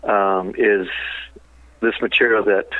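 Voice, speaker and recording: A man's voice: on the low side, steady tone, takes it slowly, no echo. Male phone-in guest, songwriter, chatty rambling storyteller; tinny phone line. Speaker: songwriter and business partner of the late musician.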